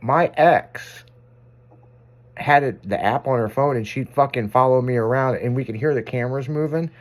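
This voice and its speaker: A man's voice: medium pitch, normal speed. Profane rambling radio host, man. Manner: rambling, profane, self-amused anecdotes. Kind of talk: casual on-air storytelling.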